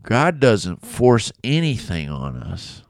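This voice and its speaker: This Bible teacher has a lowish voice with huge pitch swings and a slow pace, teaching conversationally while voicing the people in the story. The studio sound is clean with no echo.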